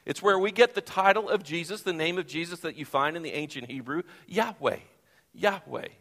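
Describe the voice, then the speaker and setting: Man, pastor, expressive sermon, long church reverb. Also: on the high side, quick pace. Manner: expressive preaching, acting out Bible quotes. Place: church sanctuary.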